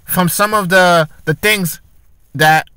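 A man sits talking straight to his audience in a casual commentary vlog, pressing his argument with rhetorical questions and often breaking off to restart a sentence. His voice sits high and sounds bright and forceful. The recording is dry and close, with no room sound around him. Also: takes it slowly, clean tone, no room sound. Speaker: commentary vlogger.

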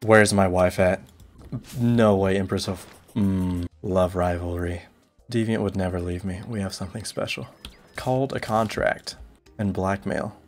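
A young man streaming a video game, tossing off deadpan absurd jokes and mock complaints in casual commentary. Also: sits low, measured pace, faint music behind.

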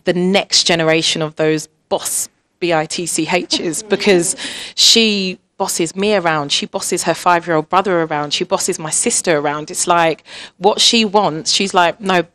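A woman's voice: fairly low pitch, steady tone, measured pace, a bit bright. A woman in her thirties speaking on a panel, chatty and candid, laughing often and acting out family conversations. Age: 30s.

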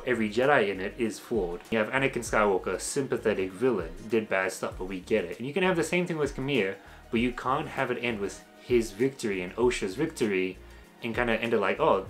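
Man, casual spoken review, ranting, sarcastic asides, medium pitch, soft music bed. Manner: ranting, exasperated, mocks characters in quoted asides. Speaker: video reviewer.

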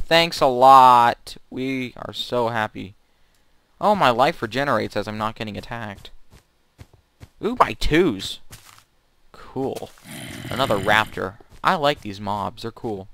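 A man commentating his own gameplay, excitable and given to panicky strings of no no no. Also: mid-range voice, slow pace, long pauses, smooth, no room sound. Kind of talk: let's play commentary.

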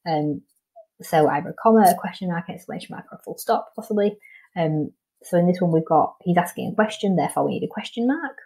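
A woman's voice: lowish voice, animated, quick pace, warm tone, breathy edge, poor audio. A woman with a Welsh English accent, a primary school teacher patiently explaining a recorded lesson step by step, with frequent ums.

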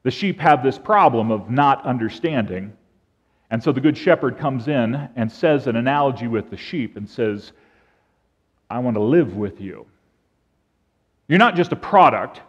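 A man's voice: medium pitch, animated, moderate pace, slightly rough. A man preaching a sermon as pastor, telling stories animatedly and acting out the bleats and calls of sheep. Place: church sanctuary. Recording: dull sound with long church reverb.

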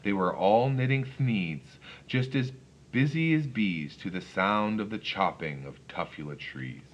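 Lively, expressive storybook reader, man. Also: on the low side, measured pace, dull audio, slight background noise. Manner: expressive, rhythmic first-person reading. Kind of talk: read-aloud rhyming storybook narration.

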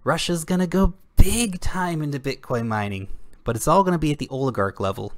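Another indignant, sarcastic rant to camera comes from a young adult crypto channel host using blunt slang. His voice is on the high side and animated, running a little fast, with no echo on the audio.

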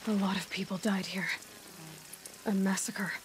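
An actress playing a young female hunter in a video game, calm and matter-of-fact as she investigates. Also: medium pitch, a little slow, noisy background, close to an everyday voice. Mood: focused. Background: loud game music.

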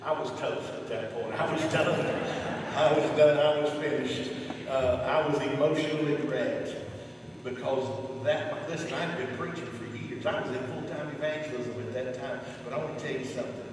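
A middle-aged man preaching a sermon at a revival rally, swinging from hushed pauses to shouted climaxes. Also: mid-range voice, a crowd in the background. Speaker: evangelist preacher. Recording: echoey hall from far off, noisy.

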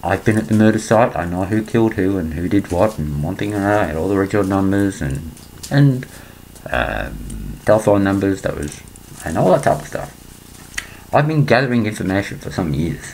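A man talking in a meandering monologue, repeating himself and clearing his throat. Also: sits low, sing-song, fairly quick, a little mellow, a little hiss or hum, rough recording. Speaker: self-published video maker. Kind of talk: rambling monologue to camera.

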